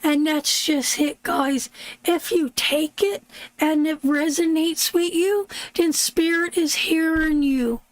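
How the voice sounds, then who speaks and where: Slow-talking soothing woman tarot reader. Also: sits high, fairly even intonation, no echo, poor audio. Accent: Canadian. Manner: slow, soothing, calls viewers sweetheart. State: congested, sleep-deprived. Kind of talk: live-stream tarot reading.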